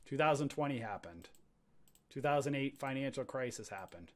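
A man teaching a live trading webinar in an energetic, ranting way, calling out to his viewers like a preacher. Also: mid-range voice, moderate pace. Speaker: trading educator. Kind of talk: livestream webinar on stock charts.

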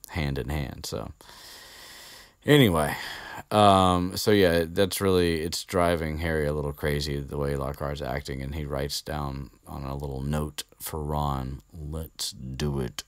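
A man's voice: a bass voice, fairly even intonation, unhurried, clean tone, dry recording, studio quality. A man hosting a podcast, recapping a book in a rambling, chatty way and swearing casually. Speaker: podcast host.

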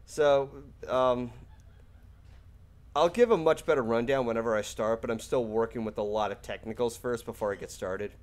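A man's voice: mid-range voice, normal speed, darkish tone. A man hosting a casual stream chat, rambling and hedging as he talks. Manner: rambling, hedging, laughs often. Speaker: streamer host.

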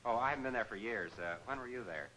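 An actor playing a wisecracking sidekick who teases and questions a fool, in 1940s film comedy acting. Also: male voice, medium pitch, lively intonation, sharp tone, slight background noise, poor audio. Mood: teasing. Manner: quick, teasing questioning.

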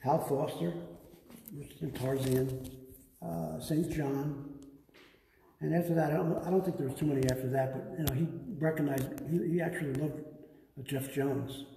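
A man guiding a live museum tour, telling lively stories about his father's art. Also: a little high, moderate pace, gravelly, echoey room, long reverb tail, slight background noise, rough recording. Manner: animated anecdotes, acts out his father's lines. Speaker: museum guide, artist's son. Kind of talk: casual storytelling on a live tour. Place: art museum gallery, indoors.

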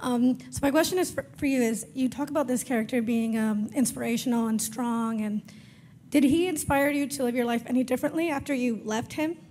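Female audience member, high-pitched, nervous and eager. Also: brisk, darkish tone, a little hiss or hum. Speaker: audience member asking a question. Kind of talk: casual question from the audience.

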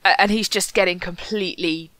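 A woman co-hosts a book podcast in a loose, enthusiastic chat full of fillers. Her voice is bright and forward. The sound is dry and close. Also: fairly low pitch, fairly even intonation, a little fast, dry recording. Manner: chatty, enthusiastic, many fillers. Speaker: podcast co-host. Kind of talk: casual book discussion.

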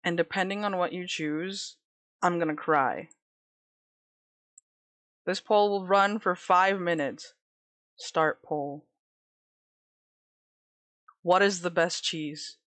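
Giggly woman streamer, slow-paced. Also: lowish voice, a bit bright, dry recording. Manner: giggly and dramatic, laughing often. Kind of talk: casual live-stream chat with viewers.

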